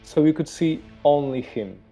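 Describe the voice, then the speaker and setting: A man's voice: a little high, moderate pace, dark tone, soft background music. A man with a Polish accent narrating as game master of a horror tabletop game, hesitant and full of fillers. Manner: hesitant, many fillers, searching for words.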